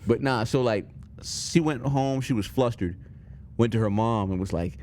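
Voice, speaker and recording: A young man on a podcast, telling a high school story in a casual, profane way and acting out the voices of people in it. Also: normal speed, a little hiss or hum. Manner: animated, profane, acts out voices in his stories. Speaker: podcast co-host.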